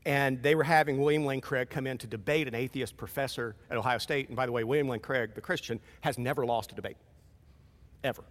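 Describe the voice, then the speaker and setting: A man preaching a sermon in a conversational, animated way, acting out short quoted exchanges. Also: medium pitch, long reverb tail. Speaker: pastor.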